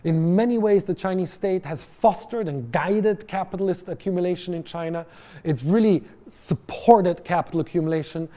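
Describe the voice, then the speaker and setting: Guy giving a college lecture, chatty, lots of uhs, mellow warm voice. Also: sits high, normal speed. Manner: conversational, with many fillers and restarts; addresses audience directly with questions. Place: lecture hall.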